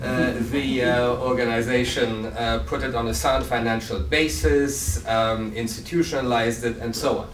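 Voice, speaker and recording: A man's voice: mid-range voice, fairly even intonation, moderate pace, hardly any pauses. A man interviewing a senior scholar at an academic conference, speaking hesitantly with frequent filler sounds. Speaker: interviewer and incoming society president. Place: conference hall. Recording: roomy hall, distant mic, crowd noise.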